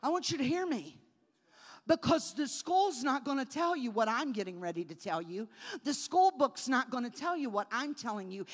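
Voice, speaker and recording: A woman preacher telling a childhood story in a sermon, moving between soft storytelling and loud preaching. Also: high voice, expressive, normal speed, in a large hall.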